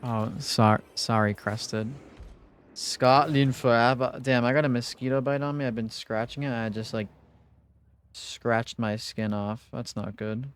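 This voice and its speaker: A young man streaming live, chatting casually with his viewers in a relaxed, rambling way, full of fillers. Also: mid-range voice, measured pace, clean tone. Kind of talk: casual livestream chat with viewers.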